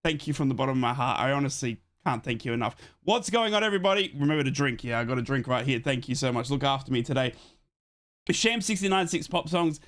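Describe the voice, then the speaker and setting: A young man hosting a live football watchalong stream from home, hoarse from a chest infection and thanking viewers over and over. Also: medium pitch, expressive, fast talker, fairly bright tone. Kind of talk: excited live-stream chat. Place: home streaming setup in Australia.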